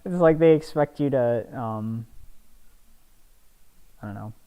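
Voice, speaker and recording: A young man, a podcast co-host, chatting casually while gaming, rambling and halting with lots of restarts and fillers, a bit spacey. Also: medium pitch, mellow, clear, resonant tone. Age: young adult. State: a little spacey.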